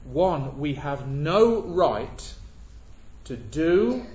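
Male preacher, slow and emphatic, slightly high voice, echoey dull recording. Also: big pitch swings, darkish tone. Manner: measured, emphatic, stresses repeated words. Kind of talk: sermon. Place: church. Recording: echoey church, dull lo-fi sound.

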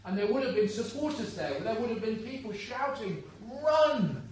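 A man's voice: sits high, expressive, fairly quick, a little mellow. An older man preaching a sermon in church. He talks to the congregation directly, in an earnest, conversational way. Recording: echoey room, distant mic, faint background hum.

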